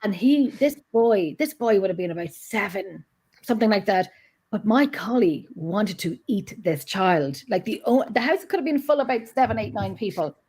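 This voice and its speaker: A middle-aged Scottish woman chatting in a relaxed, rambling way. Her voice sits at an ordinary middle pitch. She keeps restarting her sentences and breaks into little acted-out quotes as she tells her story. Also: moderate pace, husky. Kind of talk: casual chat.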